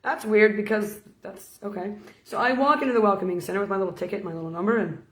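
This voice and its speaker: A woman's voice: mid-range voice, fast talker, fairly bright tone, roomy sound. A woman preacher giving an informal sermon as a playful, storytelling talk. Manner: storytelling, playful, laughs between points.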